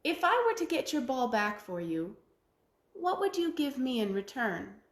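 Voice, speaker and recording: A gently coaxing male frog from a storybook well, as a woman storyteller puts him on. The voice is soft and persuasive, rising and falling in lively swings, and it carries the echo of a roomy space. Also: sits high, unhurried, full character voice.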